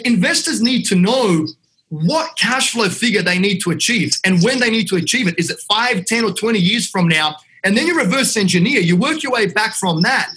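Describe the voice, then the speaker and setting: An Australian man with a high, bright, forceful voice speaks bluntly in a casual podcast chat. He talks like a confident real estate investor guest, punchy and raw, calling the host "mate" every few lines.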